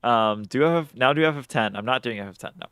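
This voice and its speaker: A man's voice: mid-range voice, fast, fairly bright tone, clean tone. A man streaming a game, chatting casually with lots of swearing, self-mocking jokes and laughter. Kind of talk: casual gameplay commentary.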